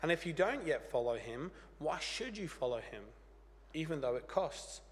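A pastor with a croaky voice from a cold, preaching an earnest, plain-spoken sermon with light humor. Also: male voice, on the high side, sing-song, moderate pace. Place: church. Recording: church hall reverb.

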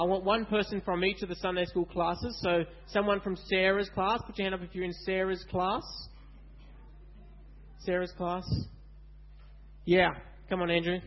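A man gives a lively children's Bible talk in church and keeps asking the kids questions. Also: high voice, lo-fi sound. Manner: animated, asks kids questions.

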